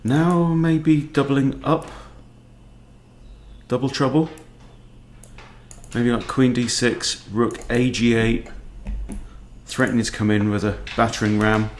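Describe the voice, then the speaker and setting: A man, a chess coach thinking aloud in a relaxed, understated way as he plays a fast game. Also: mid-range voice, slight background noise. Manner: muttering, understated, self-talking. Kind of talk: thinking aloud while playing blitz chess.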